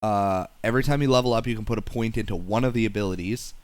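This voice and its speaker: Low-voiced rambling podcast co-host. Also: male voice, fast talker, a little mellow, dry recording. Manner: rambling, many restarts and fillers. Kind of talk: casual chat.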